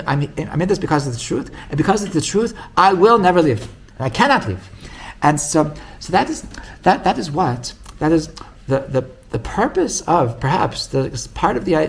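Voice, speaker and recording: Male rabbi, gravelly tone, energetic storyteller, many restarts, acts out quotes. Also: a little hiss or hum. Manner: animated storytelling, acts out quoted voices with big pitch jumps; many restarts and repeated words. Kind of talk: storytelling Torah class.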